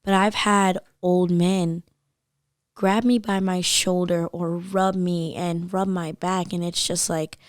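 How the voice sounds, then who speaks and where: Podcast guest, woman in her 20s, animated storyteller, slightly low voice, dry booth sound. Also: takes it slowly, no echo. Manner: animated, says "like" a lot. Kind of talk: casual storytelling chat.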